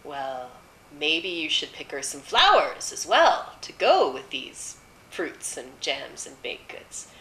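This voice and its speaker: A woman voicing a sneaky male wolf who coaxes softly and puts on a sweet fake voice. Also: low-pitched, big pitch swings, slow, echoey room, slight background noise, exaggerated voice, low-quality recording. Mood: coaxing. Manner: sly, soft and coaxing.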